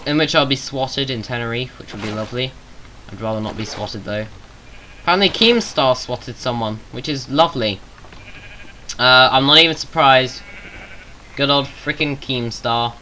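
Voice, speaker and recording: English man, southern accent, sharp bright tone, chatty self-deprecating gameplay commentator. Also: medium pitch, a little hiss or hum, poor audio. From England. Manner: rambling, self-mocking, jokey asides. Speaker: gaming YouTuber. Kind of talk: rambling Minecraft gameplay commentary.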